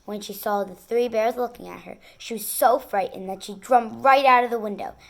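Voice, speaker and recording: A woman reading a picture book aloud in an expressive, sing-song storytelling manner. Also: a little high, normal speed, vocal fry. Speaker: storybook reader.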